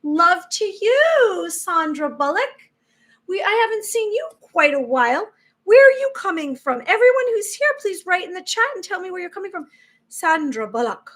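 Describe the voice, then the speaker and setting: A woman's voice: very high-pitched, big pitch swings, normal speed, fairly bright tone. A woman hosting a spiritual live stream, talking in an earnest, rambling way with many restarts. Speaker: spiritual livestream host. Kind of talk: casual live-stream talk.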